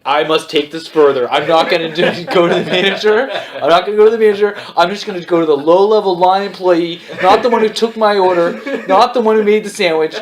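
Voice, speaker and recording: A man's voice: medium pitch, fairly even intonation, slow pace, a crowd in the background, natural voice. A man voicing an angry, entitled male customer who rants and swears. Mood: indignant. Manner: loud, swearing, indignant.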